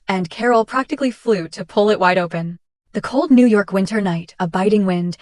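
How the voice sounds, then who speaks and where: A woman narrating a dramatic first-person story in a steady reading voice. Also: medium pitch, no room sound, studio quality.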